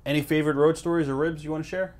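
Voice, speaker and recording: A man's voice: a little high, level tone, a little mellow. A male interviewer asking questions and wrapping up a shoot interview with upbeat thanks. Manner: upbeat, quick reactions and wrap-up thanks.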